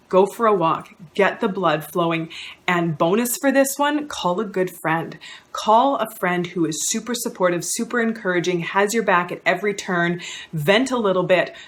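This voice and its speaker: A woman in her thirties, a counsellor, giving friendly, instructive self-help advice directly to the viewer. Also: on the low side.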